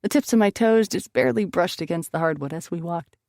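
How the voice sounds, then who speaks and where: A woman's voice: fairly low pitch, lively intonation, fairly quick, vocal fry, a little mellow, no room sound, studio quality. A woman narrating a first-person romance audiobook expressively, lifting her voice on emotional lines.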